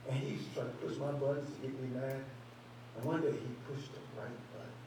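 A man's voice: mid-range voice, steady tone, fast. A man preaching a sermon as pastor, building emphasis and acting out conversations. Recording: very echoey hall, mic far off, faint hum.

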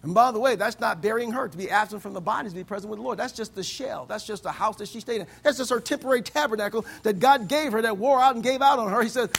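A man from the States preaching a sermon as pastor, swinging between loud exclamations and low, quiet stretches. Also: quick pace, creaky, few pauses. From United States.

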